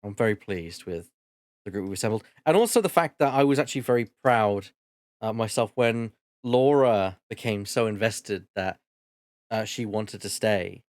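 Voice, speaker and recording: A man's voice: fairly low pitch, moderate pace, darkish tone, dry recording. A man hosting a casual stream chat, talking hesitantly with fillers and laughs. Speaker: streamer host.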